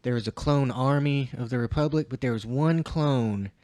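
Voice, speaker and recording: Male podcast guest, relaxed lore explainer, middle pitch, dry recording. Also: moderate pace, no room sound. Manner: laid-back, explains lore with "you know" and "like". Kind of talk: casual chat.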